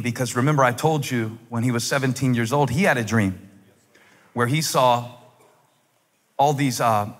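A male pastor preaching an impassioned sermon with humor, at times breaking into shouts. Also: medium pitch. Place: large church auditorium. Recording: long hall reverb.

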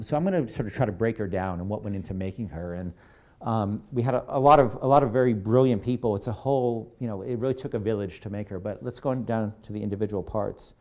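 Man at a stage talk, warm low-key voice, chatty and digressive, mid-range pitch. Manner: conversational, rambling, with many asides. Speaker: game creative director giving a talk. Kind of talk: live presentation to an audience. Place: event hall on stage.

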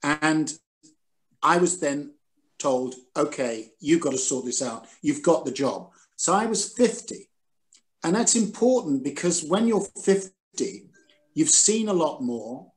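Animated older man telling stories. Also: on the high side. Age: 60s. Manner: animated, self-deprecating, quotes others dramatically. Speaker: guest, former newspaper editor. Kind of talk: recalled anecdotes in a Zoom conversation. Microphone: video call.

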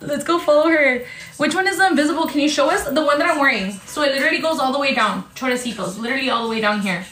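A woman chatting excitedly as she sells clothes on a live stream, talking casually and swearing freely. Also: sits high, rapid-fire, few pauses, roomy sound, rough recording. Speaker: TikTok live seller. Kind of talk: casual livestream sales chat.

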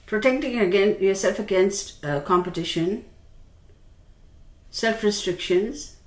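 A woman giving a casual tarot reading, chatty and expressive, talking straight to the viewer. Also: medium pitch, unhurried. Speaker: tarot reader. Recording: roomy with faint background noise.

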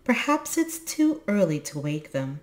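A woman's voice: on the low side, sing-song, darkish tone, reverberant, pitched above the performer's own voice. A woman voicing a kindly, polite mother troll creature in a storybook reading. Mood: gentle. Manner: polite, motherly, briskly eager.

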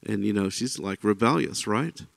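A man's voice: lowish voice, normal speed, gravelly, no echo. A man giving an informal Bible teaching, talking conversationally and often checking in with the listener. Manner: conversational, often checks in with "right?" and "you know"; animated when voicing quoted speakers.

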